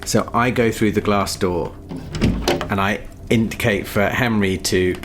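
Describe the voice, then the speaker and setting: A man's voice: on the low side, steady tone, a little slow, background noise. A man playing a tabletop role-play game, hesitant and stammering. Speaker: player.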